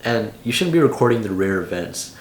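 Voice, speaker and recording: A man's voice: on the low side, sing-song, a little fast, echoey room. A young man in his late teens giving casual vlog advice in a loose, slangy way full of "like". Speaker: vlogger.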